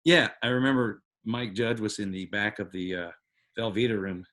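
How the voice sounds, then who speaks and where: A man's voice: on the low side, normal speed. A man, a guest comedian telling stories in a casual podcast chat, swearing freely. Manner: animated storyteller, swears freely, puts on voices.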